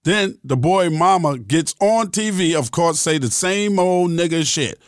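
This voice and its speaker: Middle-aged male podcast host, blunt and profane, slightly high voice, dry close sound. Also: expressive, a little slow, no echo. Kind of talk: podcast monologue.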